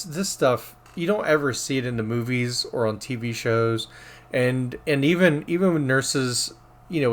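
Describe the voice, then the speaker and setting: Man telling a rambling nurse story. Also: medium pitch. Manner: rambling, restarts, animated quoting of others. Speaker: podcast co-host, former nurse. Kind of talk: casual storytelling chat.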